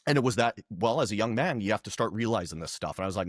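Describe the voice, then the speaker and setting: A young adult man as a podcast guest, telling stories in a lively, slangy way, peppered with "man" and "dude.". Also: fairly low pitch, very fast, few pauses, no echo, clean studio sound. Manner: animated, slangy, says "man" and "dude" often. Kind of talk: casual conversational interview.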